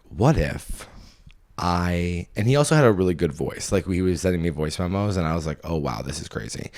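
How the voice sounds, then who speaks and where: A young man with a deep, low voice hosts a comedy podcast. He spins a loose, self-mocking story in a lively, off-the-cuff way, drifting from one thought to the next. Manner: animated, rambling, self-deprecating storytelling. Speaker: podcast host and stand-up comedian. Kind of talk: casual comedic monologue.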